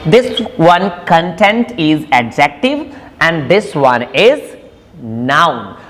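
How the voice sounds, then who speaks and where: Brief: Indian-accented woman, English tutor, low-ish voice, patient and repetitive, long room echo. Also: very animated. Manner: explains patiently, repeats words slowly for emphasis. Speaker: English teacher. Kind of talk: classroom lesson mixing English and Hindi. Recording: reverberant room sound.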